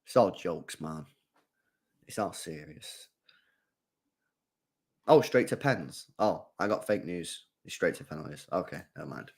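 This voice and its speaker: This male fan offers slightly slow live commentary on a football match for his audience, his voice creaky, a bit rough, and broken by long pauses. He goes from booming shouts down to low grumbles.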